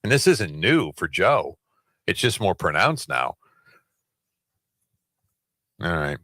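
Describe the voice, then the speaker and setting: A man's voice: low-pitched, big pitch swings, slow, sharp tone, no echo, clean studio sound. A man who hosts a radio show, chatting casually and emphatically about politics. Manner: emphatic, rhetorical. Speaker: radio host.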